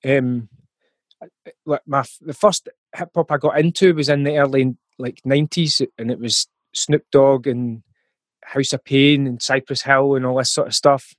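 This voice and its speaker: A Scottish man talks as a guest in a relaxed interview, picking his words with many ums and small restarts. His voice sits at a middle pitch. The sound is dry, with no room around it. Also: normal speed, dry recording. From Scotland. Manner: thoughtful, with frequent ums and restarts. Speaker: musician guest. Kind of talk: casual interview talk.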